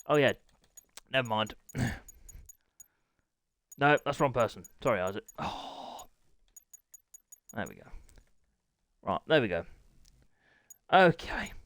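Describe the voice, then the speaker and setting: A man's voice: on the low side, vocal fry, dry recording. Harried male streamer, dry mic. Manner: harried, apologetic, talking to chat while setting up. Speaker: streamer running a racing league. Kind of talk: live-stream chat to viewers.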